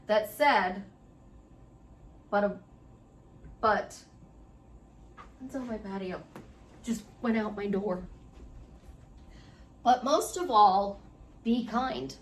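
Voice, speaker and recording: A woman's voice: fairly high pitch, recorded from a distance, a little hiss or hum. A middle-aged woman life coach giving a chatty, rambling motivational monologue, speaking straight to the listener. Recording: echoey room, voice off-mic.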